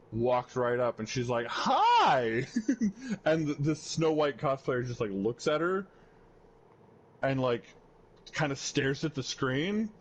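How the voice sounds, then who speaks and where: Young male podcast host, casual, unhurried delivery, mid-range voice, rambling storyteller. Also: medium pitch. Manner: rambling storyteller, acts out quoted voices, swears freely. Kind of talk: casual chat.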